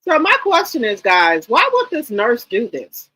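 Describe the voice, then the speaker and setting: A woman's voice: fairly high pitch, wildly swooping pitch, measured pace, pushed and bright, husky, low-quality recording. A woman giving blunt, profane commentary on a reality show, questioning everything on a casual livestream.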